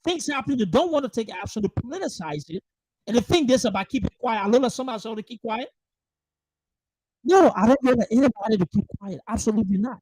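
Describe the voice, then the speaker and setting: A furious political host speaking on a livestream, voice pitched in an ordinary middle range. The delivery is emphatic and profane, full of repeated rhetorical questions. The sound is close and dry, with no room around it. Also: lively intonation, fast, a little mellow, slightly rough, dry recording, poor audio. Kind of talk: angry political monologue. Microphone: livestream microphone.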